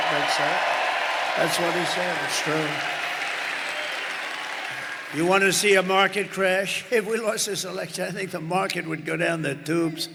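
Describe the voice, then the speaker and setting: A man with a bright, gravelly, slightly high voice addresses a large indoor arena. He rambles and boasts, breaking off for asides to the crowd. The sound carries a long reverb, with a faint crowd murmur behind him. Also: a little hiss or hum. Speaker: political candidate at a rally. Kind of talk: rally speech. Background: cheering crowd.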